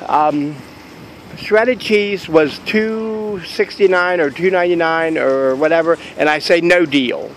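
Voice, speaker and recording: A man's voice: a little high, slight background noise, rough recording. A man chatting casually to camera in a vlog outside a store, rambling and joking about deals. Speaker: vlogger.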